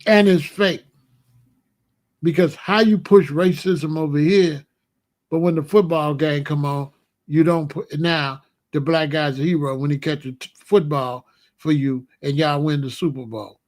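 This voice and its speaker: A man with a slightly higher voice riffs in a loose, comedic monologue. He fires off rhetorical questions and breaks into chuckling asides as he talks. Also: steady tone, unhurried, a little mellow. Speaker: host.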